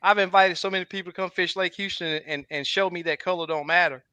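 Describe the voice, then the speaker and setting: A man's voice: high voice, fairly even intonation, fast, sharp tone, smooth, dry recording. A man hosting a casual fishing livestream, talking with many restarts. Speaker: fishing guide and livestream host.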